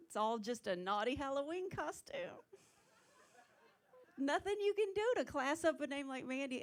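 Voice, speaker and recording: Southern lady comic, kinda high voice, self-mocking drawl, small club set. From South Carolina. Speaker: headlining stand-up comedian. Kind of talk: stand-up comedy set. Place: small comedy club stage.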